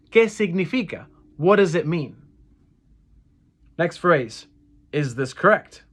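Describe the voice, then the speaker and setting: A man with a slightly raised pitch walks through a casual language lesson. He repeats each phrase slowly, stumbles, and corrects himself with easy fillers. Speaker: Spanish phrase teacher.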